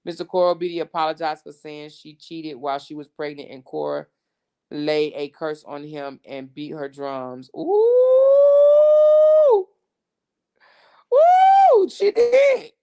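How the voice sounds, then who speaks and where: Woman host with a smooth but gravelly voice, casual chatty commentary. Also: low voice, little pitch movement, normal speed, darkish tone, highs cut off. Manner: chatty, repeats herself for effect.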